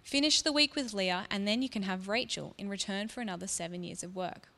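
A woman's voice: mid-range voice, brisk, creaky, sharp tone. A woman quoting a sly scheming old father, hall echo. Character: shrewd older man, a scheming father. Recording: long reverb.

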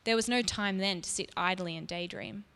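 A woman narrates in the first person, speaking softly and reflectively in a mid-range voice. Her words trail into a long reverb, as if recorded in a large hall. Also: mid-range voice, moderate pace. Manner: soft, reflective, intimate. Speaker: storyteller. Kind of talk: first-person scripted storytelling.

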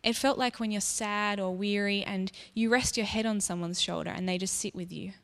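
A woman telling a story in the first person, soft and reflective, as if confiding in the listener. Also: medium pitch, steady tone, moderate pace. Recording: long reverb.

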